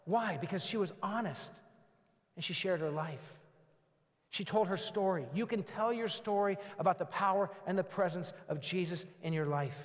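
A man's voice: sits high, expressive, normal speed, long reverb tail. A man preaching a sermon in a conversational way, acting out what people say in short quoted exchanges. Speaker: pastor.

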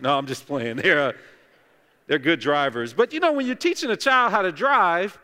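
Joking pastor with a high voice in a reverberant church. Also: male voice, big pitch swings, normal speed, sharp tone, clear, resonant tone. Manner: chatty and joking, talks directly to the congregation. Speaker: lead pastor. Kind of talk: conversational sermon. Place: church sanctuary. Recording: long echoey church reverb.

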